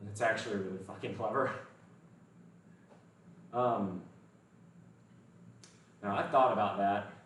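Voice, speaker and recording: A man's voice: on the low side, distant mic, a little hiss or hum. An American man hosting a casual fitness livestream, talking bluntly and swearing freely. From United States. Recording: echoey room, voice from off the mic.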